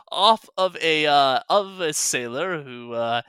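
Man playing a slick, coaxing merchant with a bright, raised voice, dry close sound. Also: on the high side, expressive, very slow, clean tone, dry recording, full character voice. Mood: persuasive. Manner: coaxing, salesman-like. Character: smooth-talking male merchant patron, persuasive.

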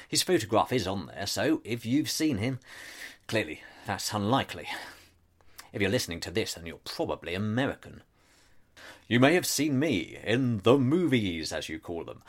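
A man's voice: fairly low pitch, big pitch swings, a little slow. A man delivering a scripted comic monologue as a pompous, self-important actor, with dry asides. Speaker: comedic narrator playing a pompous actor.

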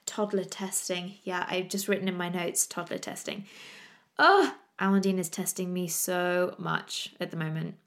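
A woman's voice: fairly low pitch, moderate pace, few pauses. A woman, hosting a podcast and chatting in a laughing, exasperated storytelling way. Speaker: podcast host. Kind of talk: casual chat.

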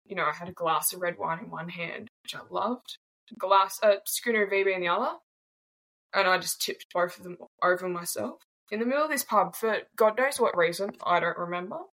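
Blunt Australian woman in her twenties; low, gravelly delivery with a casual, swearing edge. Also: fairly quick, fairly bright tone, rough recording. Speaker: guest. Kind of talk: candid personal storytelling.

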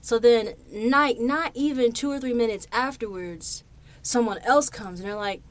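A woman's voice: on the high side, normal speed. A young woman hosting her own podcast in a studio, telling stories in a chatty, loose way and swearing freely. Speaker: podcast host. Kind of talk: casual monologue. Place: recording studio.

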